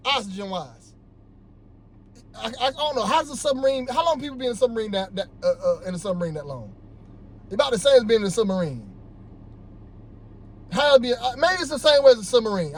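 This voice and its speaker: A man ranting to his viewers in a loose, rambling way, frustrated and breaking into shouts, recorded in a car on a work break. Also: very high voice, rough recording. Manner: frustrated, animated, bursts into shouting; loose, rambling, talks straight to his audience. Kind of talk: heated opinion rant to camera.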